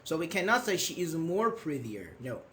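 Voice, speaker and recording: Patient male English teacher, higher voice. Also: very animated, a bit bright, slight background noise. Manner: patient, questioning, repeats words slowly. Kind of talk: live online grammar lesson.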